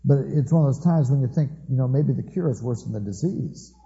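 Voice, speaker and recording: A man with a medium-pitched, creaky, warm voice preaches briskly with lively intonation, delivering a conversational sermon full of dry humor and storytelling asides. The recording is dull, with a long reverb from the hall.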